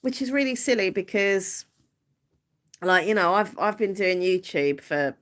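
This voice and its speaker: A woman's voice: mid-range voice, expressive, measured pace, a bit bright. A woman with an Essex accent hosting a casual live stream, chatty, giggly and self-deprecating. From Southend-on-Sea, Essex, England.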